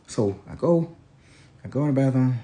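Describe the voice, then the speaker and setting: A man telling a funny family story in a casual, animated way, sometimes dropping into low mumbled asides. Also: normal speed.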